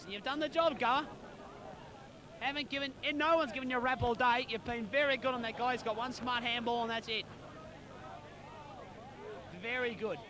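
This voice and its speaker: A man calling an amateur football match as club commentator, openly barracking and shouting encouragement to his team's players by name. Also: very high voice, background noise. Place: outdoors at a suburban football ground.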